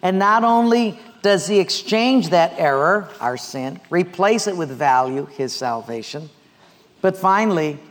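Guy preaching a sermon, pretty high voice, tosses questions at the crowd, echoey hall. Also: animated, measured pace. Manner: storytelling with call-and-response questions. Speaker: pastor.

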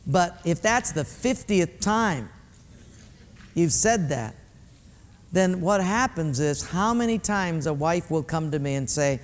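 In an echoey church sanctuary, a male pastor preaches conversationally, addressing his congregation directly. His voice is a little high, animated yet slow.

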